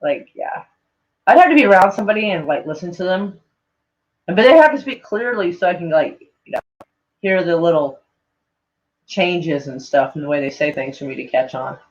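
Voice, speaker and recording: A woman's voice: lowish voice, lively intonation, moderate pace, long pauses. A woman vlogger reading tweets aloud and reacting in a rambling, casual way, full of "like" and frequent swearing. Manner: rambling, heavy on "like", swears often. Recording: dull lo-fi sound.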